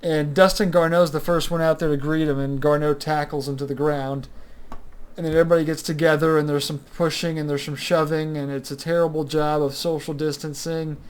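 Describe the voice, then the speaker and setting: A young man with a somewhat higher-than-usual voice runs through a sports recap on his own. He talks loosely and off the cuff, trailing into fillers and restarting his sentences as he goes. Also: level tone, brisk, clean tone. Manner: rambling, many fillers like "sort of" and "uh". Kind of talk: casual solo sports commentary.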